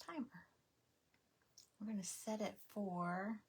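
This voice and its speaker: A woman's voice: mid-range voice, slow pace, a little hiss or hum. A woman hosting a craft livestream, chatting casually and muttering to herself now and then.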